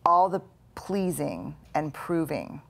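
Low-voiced woman telling stories earnestly. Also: sing-song, slow, vocal fry. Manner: earnest, storytelling, acts out inner voices. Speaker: guest author and researcher. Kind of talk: live studio conversation. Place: studio with live audience.

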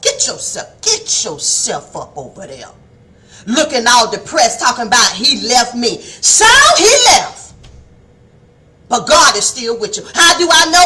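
A woman preaching a fiery devotional sermon, calling listeners baby and rising to shouts. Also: a little high. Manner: acts out soft and stern quoted voices.

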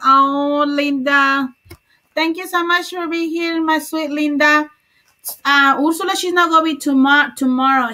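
A woman's voice: high voice, pushed and bright. A woman hosting a crochet livestream, chatting casually, greeting viewers by name and laughing often.

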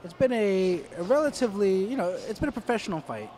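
A man's voice: sits high, animated, fast talker, mellow. A man giving live boxing commentary in a dry, wry way, with many fillers and restarts.

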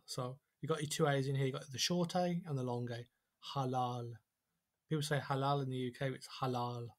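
A man teaches a language lesson at a whiteboard, and his voice sits a little on the high side. He pronounces each example phrase slowly and deliberately before explaining it. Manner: slow, careful pronunciation of example phrases.

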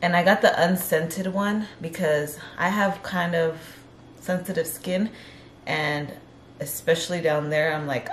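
A woman's voice: lowish voice, steady tone, a little slow, slight background noise. Breathless, chatty pregnant woman, roomy sound. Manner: chatty and rambling, self-correcting. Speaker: vlogger. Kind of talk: casual vlog chat.

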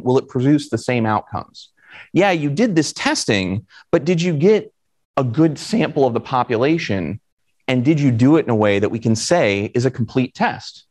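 A man from Florida giving a conference talk in a conversational way, asking the audience questions. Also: medium pitch. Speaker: conference speaker.

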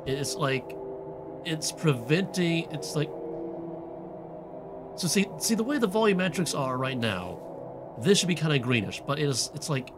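A man's voice: on the high side, expressive, measured pace, pauses often, over loud music. Man musing over a horror game. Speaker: let's play host. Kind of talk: casual gameplay commentary.

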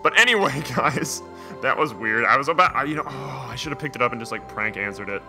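A man's voice: mid-range voice, lively intonation, quick pace, creaky, bright, forceful tone, faint music behind. A young man giving casual, jokey commentary while playing a video game, rambling with lots of "like" and "man". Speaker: video game let's player.

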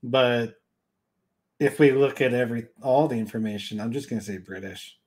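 Co-host, male, relaxed podcast banter, measured and understated. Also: medium pitch. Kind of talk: casual podcast chat.

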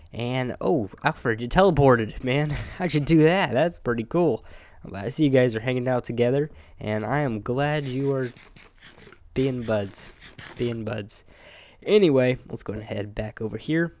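A young man hosting his own gaming channel, chatting casually over his gameplay into a desk microphone, rambling and excitable and greeting his in-game animals. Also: medium pitch, clean tone, no room sound. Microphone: close desk microphone.

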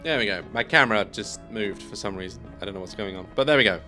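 A man's voice: fairly low pitch, quick pace, pushed and bright, faint music behind. Chatty man narrating a video game. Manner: chatty, amused and bemused, thinking aloud. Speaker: gaming YouTuber. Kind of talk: let's play commentary.

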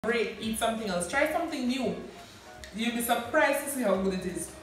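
A woman's voice: fairly high pitch, expressive, fairly quick, soft background music. A woman cooking vlogger chatting casually with food in her mouth, coaxing viewers to try her dish. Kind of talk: casual cooking vlog chat. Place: home kitchen. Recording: very echoey room, voice from a distance.

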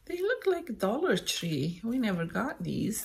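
A woman's voice: fairly high pitch, big pitch swings, a little slow, gravelly. A middle-aged woman from Canada opens a parcel at home, gushing and laughing a lot as she unpacks. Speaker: vlogger opening mail. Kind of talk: casual unboxing chat. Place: at home by a table.

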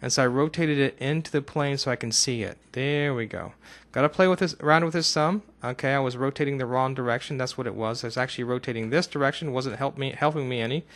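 Brief: man, screencast tutor at his computer mic, chatty step-by-step talk, mid-pitched, prone to loud whoops. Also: fast, hardly any pauses. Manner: talks himself through each step, bursts into excited whoops. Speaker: software tutorial instructor. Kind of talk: casual screencast tutorial narration.

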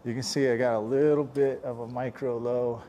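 A man's voice: medium pitch, little pitch movement, moderate pace, dark tone, dull audio, slight background noise. A man chatting and joking as he repairs a car dent, grumbling under his breath now and then. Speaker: paintless dent repair technician. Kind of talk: casual running commentary while working.

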